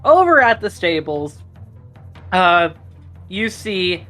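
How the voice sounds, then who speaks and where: Game master narrating a scene, relaxed and chatty, faint music behind. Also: mid-range voice, takes it slowly. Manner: casual, chatty with fillers.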